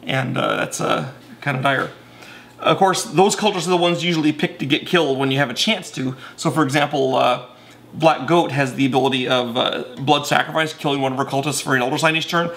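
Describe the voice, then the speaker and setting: A man's voice: medium pitch, fairly even intonation, a little fast, a bit bright. A man casually explaining board game rules in a chatty, self-correcting way with many fillers.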